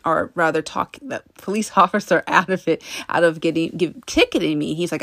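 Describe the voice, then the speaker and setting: Woman podcast host, low-pitched, earnest and conversational, talking straight to listeners, dry close mic. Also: normal speed, vocal fry, fairly bright tone, dry recording. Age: adult. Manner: earnest, speaks directly to listeners. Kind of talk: self-help podcast monologue.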